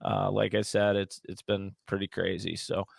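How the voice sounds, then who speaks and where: A man's voice: low voice, flat delivery, moderate pace, gravelly, husky, no room sound. A man hosting a podcast, closing the episode in an easygoing way. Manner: easygoing, wraps up the show. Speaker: podcast host. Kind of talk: casual podcast sign-off.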